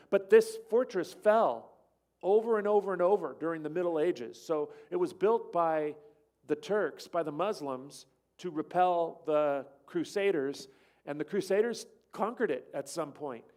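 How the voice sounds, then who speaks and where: A man's voice: fairly high pitch, a little slow, a little mellow. A man at a church, casually telling a travel story over slides in a rambling way and acting out what people said. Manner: rambling, acts out quoted dialogue. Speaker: church speaker.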